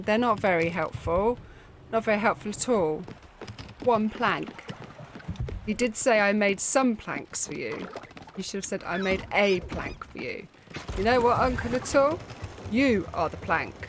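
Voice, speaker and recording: A woman's voice: mid-range voice, a little hiss or hum. A woman chatting over her gameplay with sarcastic asides. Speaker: gaming streamer. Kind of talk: let's play commentary.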